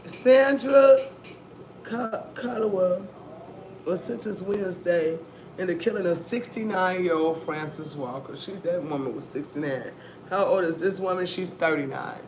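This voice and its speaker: A woman hosting a casual commentary stream, telling stories in a rambling, profane, animated way. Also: on the low side, unhurried. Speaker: host of a news-and-commentary stream. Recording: echoey room, faint background noise.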